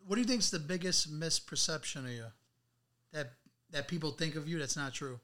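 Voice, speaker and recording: A man hosting a podcast, asking questions in relaxed, easygoing chat. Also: fairly high pitch, a little fast. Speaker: podcast host.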